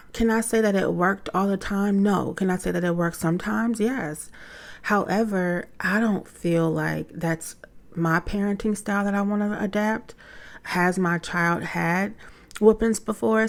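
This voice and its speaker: A woman's voice: on the low side, creaky. A woman in her thirties hosting a casual talk, candidly telling a story about her teenage son and acting out quoted lines. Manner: candid, animated, acts out quotes in conversation. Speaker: podcast host, mother of a teen.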